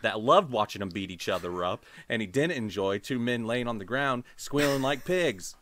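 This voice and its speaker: A man's voice: medium pitch, lively intonation, normal speed, fairly bright tone, a little hiss or hum. A man co-hosting a podcast, casually and sardonically recapping reality show episodes. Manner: sardonic recapping, laughs between lines. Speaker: podcast co-host.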